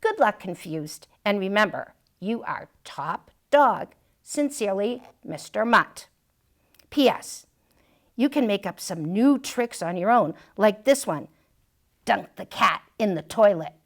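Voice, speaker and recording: A woman's voice: medium pitch, expressive, slow pace. A woman reading a picture book aloud, voicing a wise, self-assured male dog who writes an advice column, confident and wry. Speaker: storytime reader.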